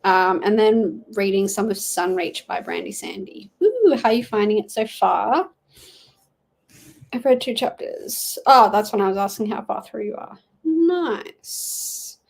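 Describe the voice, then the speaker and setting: A young woman talks loosely and warmly to her viewers during a reading livestream. She rambles with lots of "um" and "like", her pitch sitting at a plain middle level for a woman. It sounds like a relaxed home stream from a small study. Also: measured pace, creaky, rough recording. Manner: chatty, rambling, with frequent fillers. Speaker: livestreaming booktuber. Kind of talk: casual livestream chat reading comments.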